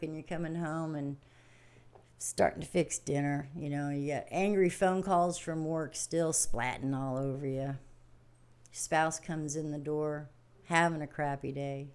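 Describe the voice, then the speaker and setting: An older woman hosting a livestream, talking casually about daily stress and spirit in a folksy, rambling way, acting out small scenes as she goes. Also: sits low. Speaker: livestream host. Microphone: home livestream setup.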